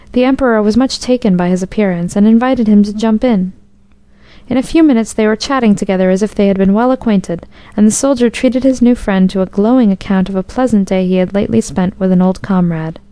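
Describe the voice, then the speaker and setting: A woman reading a storybook tale aloud as narrator, in a steady, even-paced delivery. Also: medium pitch, clear, resonant tone, no room sound.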